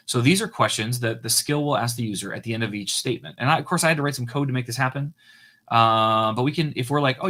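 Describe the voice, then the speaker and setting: A man's voice: mid-range voice, a bit bright. A man walking viewers through his code on a live coding stream, casual and hesitant, with frequent fillers and restarts.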